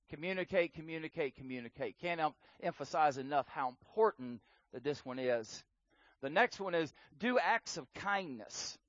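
A man preaching a sermon on marriage in an earnest way, repeating words for emphasis and swinging between loud and soft. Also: on the high side, no echo, muffled recording.

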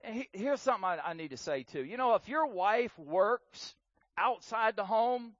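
High-pitched guy preaching, earnest, goes loud then soft, dull dry sound. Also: lively intonation, moderate pace, no echo. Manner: earnest, repeats words for emphasis, swings between loud and soft. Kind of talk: sermon on marriage.

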